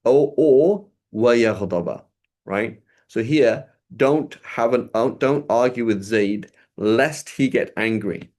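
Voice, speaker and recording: A man's voice: mid-range voice, slow, darkish tone. A man teaching Arabic grammar to a small group over a video call, explaining step by step and checking in with a frequent "right?".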